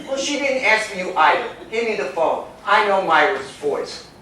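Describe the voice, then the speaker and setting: A man's voice: high voice, very animated, normal speed, pushed and bright, heavily acted. A sarcastic, griping wealthy man who mocks everyone around him, as a man plays him on stage. His voice carries through a very echoey hall from a distance, with faint background hiss. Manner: sarcastic, complaining. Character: loud sarcastic rich man at a party. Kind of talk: live stage comedy acting. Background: audience laughter.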